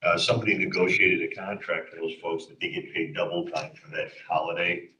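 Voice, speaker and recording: Low-voiced guy at a county meeting, talks loose and rambly, echoey room, mic kinda far. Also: little pitch movement, brisk, bright, forceful tone, a little hiss or hum. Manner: plainspoken, rambling with fillers. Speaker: county council member. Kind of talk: public meeting discussion.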